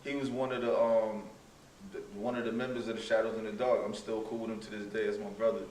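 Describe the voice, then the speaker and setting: A man guest on a podcast, telling stories in a relaxed, casual way and often dropping "yo". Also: on the low side, quick pace, distant mic. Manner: laid-back storytelling, says "yo" a lot. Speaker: guest artist. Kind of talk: casual chat. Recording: roomy sound, a bit off-mic, faint room noise.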